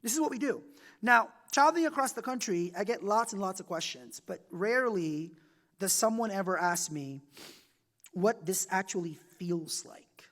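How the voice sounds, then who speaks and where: A man in his forties from the Philippines, an author giving a chatty campus talk that leans on "right?" and "like", his loudness rising and falling a lot. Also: high-pitched, expressive, normal speed, big-room sound. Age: 40s. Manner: chatty, often tags "right?" and "like", loudness swings widely. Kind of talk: conversational public talk. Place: university event room.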